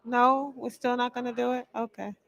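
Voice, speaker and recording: A woman's voice: on the high side, flat delivery, moderate pace, vocal fry, fairly bright tone, muffled recording. A tired woman emceeing a live event on a handheld mic, playful and teasing with a firm motherly edge and folksy slang. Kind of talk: casual live event hosting. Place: event venue with a live audience.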